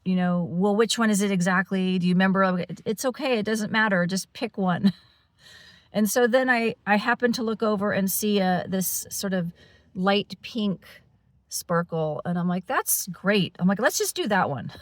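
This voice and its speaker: Woman vlogging a story to her camera, rambly w lots of ums and restarts, mid pitch, dry close sound. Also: expressive, unhurried, no room sound. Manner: rambling, many fillers and restarts, laughs often. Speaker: paranormal channel host.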